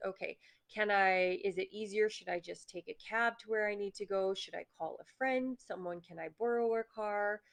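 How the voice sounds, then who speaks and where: A woman hosting a casual motivational talk, chatty and conversational, often acting out her own inner voice in quick asides. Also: mid-range voice. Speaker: host.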